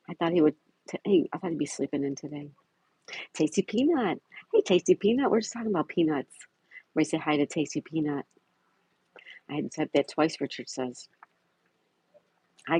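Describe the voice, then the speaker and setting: A man's voice: on the high side, a little mellow, slightly rough, no room sound, low-quality recording. A man hosting a casual livestream, reading viewer comments aloud and greeting chatters by name. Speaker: livestream host. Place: home in Florida.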